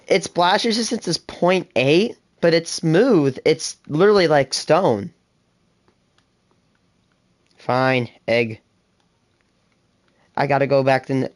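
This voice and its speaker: A seventeen-year-old livestreamer talking fast and rambling to themselves during casual gameplay chatter. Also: mid-range voice. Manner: fast, rambling self-talk with laughs. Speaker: gaming livestreamer.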